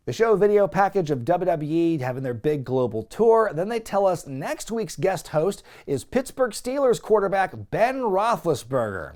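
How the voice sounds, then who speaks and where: Animated sarcastic man recapping wrestling. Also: high-pitched, normal speed, hardly any pauses. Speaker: wrestling review show host. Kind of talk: casual recap commentary.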